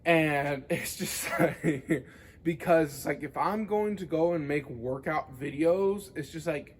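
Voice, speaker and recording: A man's voice: on the high side, slow pace, slight background noise. A young man rambling casually to the camera in a vlog, full of filler words and swearing. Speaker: vlogger.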